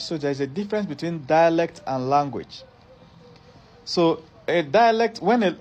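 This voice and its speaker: A middle-aged male educator with a fairly high, slightly mellow voice gives an explanatory lecture. He works through the topic step by step, often repeating or rephrasing phrases for emphasis.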